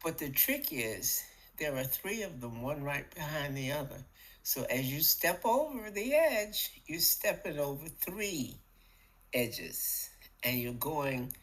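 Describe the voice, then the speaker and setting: A middle-aged woman co-hosting a podcast, talking casually about spiritual matters in an animated, playful way that acts out little voices. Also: low-pitched, slow, low-quality recording. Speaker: podcast co-host.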